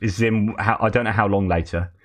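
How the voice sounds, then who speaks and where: A man's voice: on the low side, fairly even intonation, fairly quick, fairly bright tone. A man hosting a news commentary show, talking in a wry, sarcastic way. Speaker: host.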